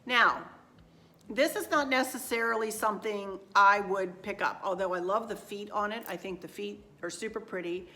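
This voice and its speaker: A woman's voice: mid-range voice, moderate pace, pushed and bright. Rambling middle-aged woman. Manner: rambling, folksy, self-deprecating, talks straight to viewers. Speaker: home decor vlogger. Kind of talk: casual chatty shopping haul. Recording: echoey room.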